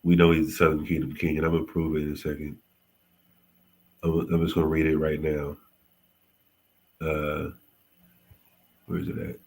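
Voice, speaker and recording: A man hosting a casual livestream history lesson, halting and often correcting himself. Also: extremely low pitch, monotone, darkish tone. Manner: halting, frequent self-corrections and apologies. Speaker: host teaching history on a livestream.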